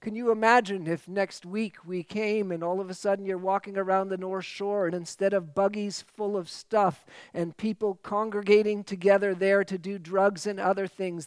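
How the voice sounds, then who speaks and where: A man delivers a sermon with emphatic, repeated phrases. His voice sits high and rings smooth and resonant. The sound is dry and close, with almost no room echo. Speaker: pastor.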